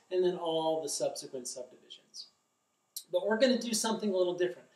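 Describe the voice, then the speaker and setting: Man, drum teacher, fairly high voice, roomy studio sound, heard from a distance. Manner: explains carefully, chants rhythm syllables aloud. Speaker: drum instructor. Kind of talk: instructional demonstration. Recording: echoey room, distant mic.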